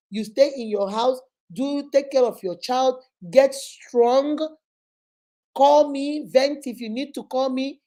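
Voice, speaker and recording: A woman's voice: high-pitched, dark tone. Emphatic motherly woman giving advice. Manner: emphatic, repetitive, motherly, addresses listener as baby. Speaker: relationship advice host and child therapist. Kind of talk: live advice session.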